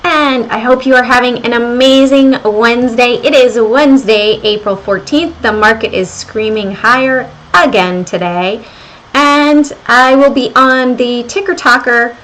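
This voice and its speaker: Speaking unhurriedly in a slightly high voice, this middle-aged woman chats through a casual market livestream on stocks and crypto from her home, where renovation work is underway. A faint hiss or hum runs under the low-quality recording. She has a slight Southern American accent, reads out viewers' comments, and muses aloud.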